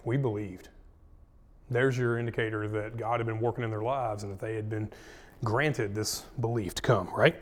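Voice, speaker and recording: A man's voice: lowish voice, fairly even intonation, moderate pace, in a large hall. A man leading a casual Bible study, retelling scripture in slangy, folksy speech.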